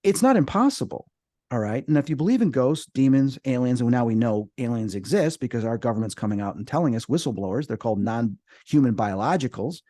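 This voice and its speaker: Animated man telling ghost stories. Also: mid-range voice, brisk, no room sound, clean studio sound. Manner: animated, acts out quoted voices. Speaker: paranormal investigator guest. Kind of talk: casual storytelling.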